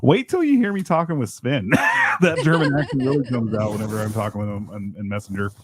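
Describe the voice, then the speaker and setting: A man's voice: mid-range voice, huge pitch swings, fairly quick, a crowd in the background. A man co-hosting a podcast in casual chat, teasing his friends and laughing often. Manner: teasing, laughs often, jumps between stories. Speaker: podcast co-host.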